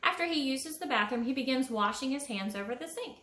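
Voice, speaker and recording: A children's author speaking to elementary students with bright encouragement, then reading her picture book aloud with lively storytelling. Her voice sits fairly high for a woman. The recording has noticeable room echo. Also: fairly quick. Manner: warm, encouraging, expressive storytelling. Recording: echoey room.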